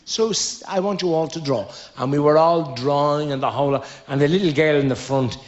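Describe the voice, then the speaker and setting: A man's voice: on the high side, a little fast. A middle-aged man with a Dublin Irish accent telling stand-up stories, acting out the characters in his own voice. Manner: lively storyteller, acts out characters in his own voice. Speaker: comedian. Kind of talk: stand-up storytelling. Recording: dull lo-fi live recording.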